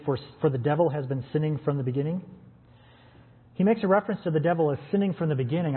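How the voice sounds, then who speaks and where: A man preaches a sermon in an earnest, conversational way, asking rhetorical questions. His voice sits a little high for a man. The sound is thin and phone-like, with a long hall echo. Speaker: pastor. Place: church with stream audience.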